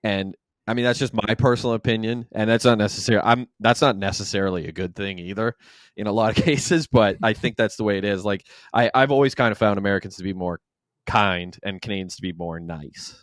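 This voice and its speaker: Laid-back man, low voice, dry sound. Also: fairly quick, no room sound. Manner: easygoing, laughing, swears casually. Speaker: host. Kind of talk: casual interview chat.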